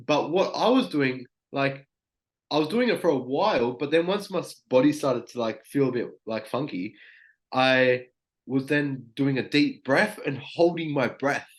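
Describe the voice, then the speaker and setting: A man's voice: mid-range voice, lively intonation, unhurried. A young man guest talking casually and openly, peppering his speech with "like" and frequent swearing. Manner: loose, heavy on "like" and swearing. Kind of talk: casual podcast chat.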